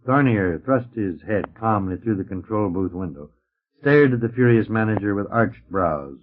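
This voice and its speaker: A man reading a science fiction story aloud in an expressive narrating voice, taken from an old, dull-sounding record transfer. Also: lowish voice, moderate pace. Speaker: audiobook narrator. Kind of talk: scripted narration.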